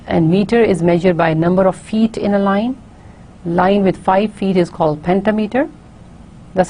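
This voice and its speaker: A woman giving a recorded university lecture, explaining carefully and often pausing on fillers and restarts. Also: on the low side, dark tone, slight background noise.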